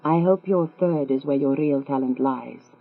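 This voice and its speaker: A woman's voice: a bass voice, normal speed, creaky, faint music behind, full character voice. A woman reading as a mocking femme fatale. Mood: teasing. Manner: teasing, coolly mocking. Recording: tinny, phone-like with mains hum.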